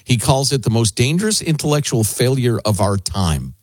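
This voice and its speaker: A man hosting a talk radio show, chatting casually in a sarcastic, deadpan way. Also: mid-range voice, moderate pace, no room sound.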